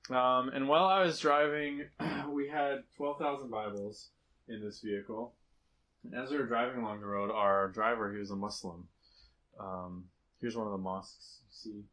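A man's voice: on the low side, poor audio. A man giving a casual slideshow talk to a church group about a mission trip, telling stories with lots of laughter. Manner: storytelling, animated, laughs often.

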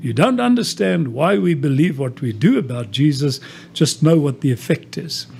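A man's voice: a little high, lively intonation, moderate pace, vocal fry, darkish tone. A man preaching a sermon who tells stories and asks rhetorical questions. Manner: storytelling, rhetorical questions, many quoted exchanges.

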